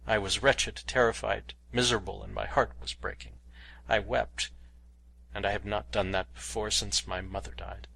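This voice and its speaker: Male reader as a soft-spoken young cave woman, proud and tender, storybook audiobook. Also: lowish voice, flat delivery, moderate pace, creaky, exaggerated voice, poor audio. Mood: sorrowful. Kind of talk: audiobook character reading.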